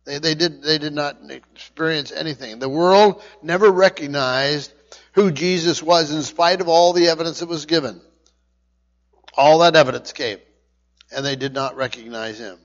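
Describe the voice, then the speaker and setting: A man preaching a verse-by-verse Bible teaching, stumbling and repeating words, his voice rising loud and then dropping quiet. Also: on the high side, in a large hall, dull audio. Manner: halting, repeats words often, swings between loud and quiet. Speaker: pastor.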